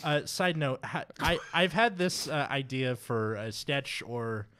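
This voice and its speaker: A man's voice: mid-range voice, measured pace, pushed and bright. A male comedian guesting on a podcast, telling stories in a dry, rambling way. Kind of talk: casual chat.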